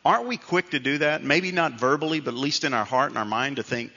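A man's voice: mid-range voice, animated, fast talker, bright, forceful tone. Man preaching in a reverberant hall. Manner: conversational storytelling preacher, self-deprecating. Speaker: pastor. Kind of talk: sermon. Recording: dull reverberant hall sound.

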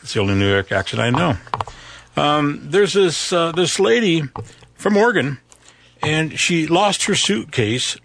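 A man's voice: a little high, animated, unhurried, creaky, fairly bright tone, slight background noise. A man co-hosting a morning radio show, chatting and telling stories in a jokey, easygoing way. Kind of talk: casual morning show banter.

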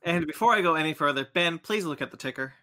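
Thirties guy cohosting a podcast, bright voice, teasing and excitable. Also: on the high side, fast talker. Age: 30s. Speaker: podcast co-host. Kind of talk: casual podcast chat.

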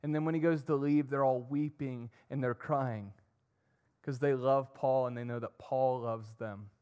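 A young man preaching a sermon, earnest, swinging between emphatic and soft. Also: medium pitch, steady tone, measured pace, clean tone. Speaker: pastor.

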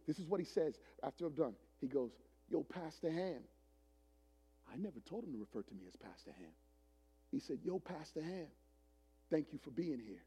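A man in his forties preaching a sermon as a pastor, telling a story dramatically, swinging from loud preaching to hushed retelling. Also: on the high side, slightly rough. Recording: long hall reverb.

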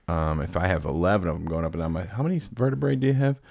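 A man's voice: low-pitched, very fast, creaky, no echo, studio quality. A young man hosting a podcast, chatting casually and telling jokes with lots of laughter. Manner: joking, animated storyteller who laughs often. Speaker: podcast host.

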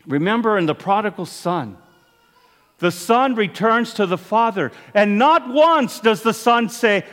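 A man delivers an earnest sermon from the pulpit, his voice pitched high and swinging widely as he stresses each point. The sound carries a long church reverb around him. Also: a little slow. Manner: earnest, animated preaching with rising and falling emphasis. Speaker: priest.

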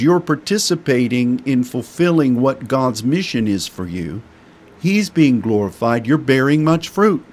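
A middle-aged male preacher delivering a sermon in a folksy manner. He speaks slowly and deliberately, with a mid-range voice. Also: mid-range voice. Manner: folksy, with homespun sayings.

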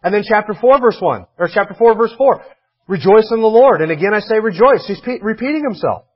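A man's voice: high voice, expressive, fast, husky, lo-fi sound. A man preaching a sermon as a pastor, in a conversational way with dry humor and emphatic repetition.

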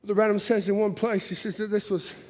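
A man's voice: high-pitched, flat delivery, a little fast. A man preaching a sermon to a church congregation, with a fervent cadence and repeated rhetorical questions. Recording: long hall reverb, faint music behind.

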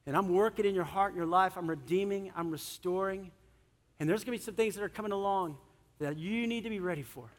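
A middle-aged man preaches in a church, his voice sitting high for a man. He talks conversationally, acts out little inner dialogues and often chuckles. Long reverb from the hall trails after each phrase. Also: fast. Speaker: pastor. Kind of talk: sermon.

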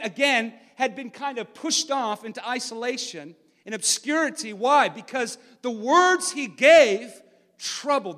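A man preaching a sermon and reading from the Bible, emphatic and swinging from loud to hushed. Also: very high voice, long reverb tail.

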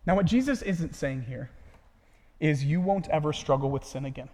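A man preaching a sermon, earnest and emphatic, often dropping to a hushed voice at the ends of phrases. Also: a little high, normal speed. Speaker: pastor. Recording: long hall reverb.

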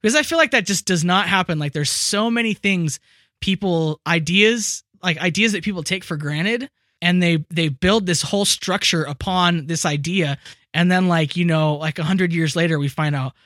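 A man's voice: sits high, normal speed, dry recording, studio quality. A young man co-hosting a podcast, rambling through his opinions with jokes. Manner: animated, rambling, joking. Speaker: podcast co-host. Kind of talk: casual chat.

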